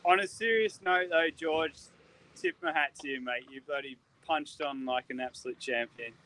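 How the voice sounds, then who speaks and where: Bright-voiced Australian man, easygoing. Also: fairly high pitch, moderate pace. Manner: easygoing, matey sign-offs. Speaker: guest, pro cyclist. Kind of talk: casual podcast chat by remote link.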